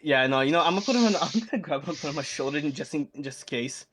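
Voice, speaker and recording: A man's voice: on the high side, animated, very fast, noisy background. A man playing a tabletop game, talking casually with frequent laughs and stammered restarts. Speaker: player.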